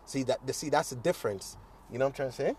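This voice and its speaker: A man's voice: mid-range voice, quick pace, a little mellow, a little hiss or hum. A young man talks straight into his own podcast with no script. He rambles, swears freely and restarts his sentences, filling the gaps with "you know what I'm saying". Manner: rambling, profane, full of fillers and restarts. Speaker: podcast host. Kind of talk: casual solo podcast monologue.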